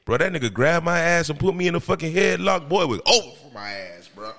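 A man, a podcast host, telling a story in casual chat in an animated, profane and emphatic way. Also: a little high, quick pace, crowd noise. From Miami, Florida.

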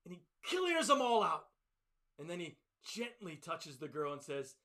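Bright-voiced, high-pitched male pastor preaching. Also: big pitch swings, normal speed. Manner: swings between loud and soft, hushed for tender lines. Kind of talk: sermon.

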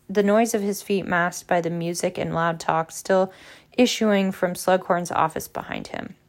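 A woman reading a novel aloud in a steady narrating voice with small slips. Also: medium pitch, creaky. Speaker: audiobook reader. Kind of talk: book narration.

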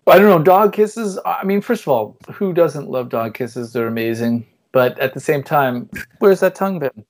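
A man's voice: a little high, animated, moderate pace. A man from the United States co-hosting a casual comedic chat, joking around and putting on voices of other people. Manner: jokey, acts out voices of others. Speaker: podcast co-host.

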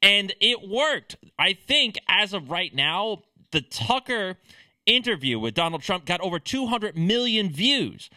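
A man's voice: high voice, very animated, a little slow, sharp tone, no echo. A man giving sarcastic, opinionated political commentary in a ranting manner.

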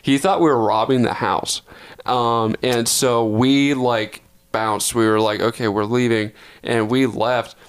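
A man's voice: mid-range voice, slow pace, clear, resonant tone. A young man from Texas, a podcast co-host, telling a long story in a rambling, profane way, often correcting himself. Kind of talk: casual storytelling.

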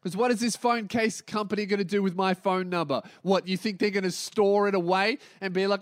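An Australian man on a podcast, going off in a swearing, comic rant with a fairly high voice. He rattles off mocking impressions of other people mid-story, and the sound is dry and close, with no room around it. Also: steady tone, no room sound. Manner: ranting, swearing, mimicking others in quick asides. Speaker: podcast host. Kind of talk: profane comedic rant.

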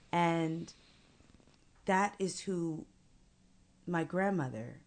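A woman with a notably low voice shares a family story in an interview. She speaks earnestly and deliberately, stretching key phrases for emphasis. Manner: earnest, measured, slows for emphasis. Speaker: guest. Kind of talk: personal storytelling in conversation.

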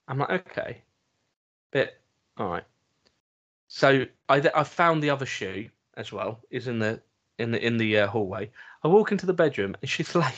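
A man, co-hosting a casual podcast and telling a rambling story with halting restarts. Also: medium pitch, a bit bright. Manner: rambling, halting anecdote with laughs. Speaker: podcast co-host. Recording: dull lo-fi recording.

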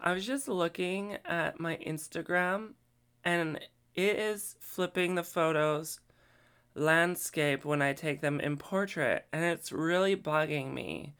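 A bubbly young woman frets over her phone photos in a lilting valley-girl drawl, put on by a man. The voice sits well above the performer's own range and moves at a slow, easy pace. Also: fairly high pitch, a bit bright, smooth, voice pushed up. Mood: fussy.

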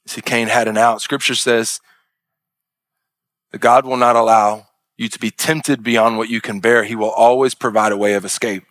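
Male pastor preaching, punchy bright voice, repeats his phrasing for emphasis. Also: mid-range voice, steady tone, normal speed, dry recording. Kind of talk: sermon.

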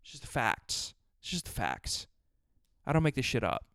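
A man's voice: mid-range voice, very animated, normal speed, vocal fry, fairly bright tone, no echo, studio quality. Profane man ranting on his podcast. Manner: crude, profane, rambling riffs. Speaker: podcast host. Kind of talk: solo podcast rant.

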